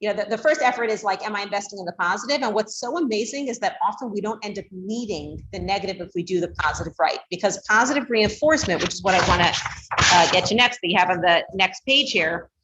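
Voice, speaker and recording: A woman teacher lectures to a small class in an echoing room, her voice sitting at an ordinary middle pitch. She explains conversationally, full of fillers and restarts, and now and then acts out the tones parents use. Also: quick pace, a bit bright, a little hiss or hum. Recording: roomy echo.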